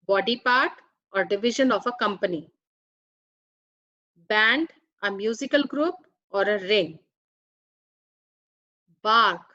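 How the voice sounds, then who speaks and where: A woman's voice: fairly high pitch, a bit bright, no room sound, lo-fi sound. A woman teaching an English grammar lesson, carefully reading out words and their meanings one by one. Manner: careful, deliberate, reads out word meanings one by one. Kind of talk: slow explanatory grammar lesson.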